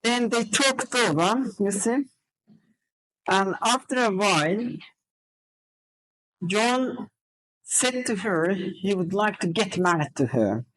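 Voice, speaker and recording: Speaking slowly with long pauses, an animated woman with a medium-pitched voice leads a classroom lesson as a teacher trainer from Azerbaijan. She drills students with questions and counts out word stress, and the recording is low quality.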